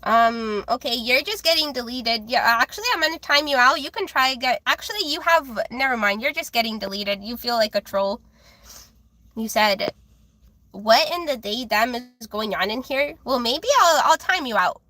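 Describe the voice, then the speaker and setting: A young woman with a high, childlike voice, chatting casually with viewers on a livestream while reading tarot. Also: animated, normal speed, pushed and bright, dry recording. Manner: chatty, giggly, reads chat aloud.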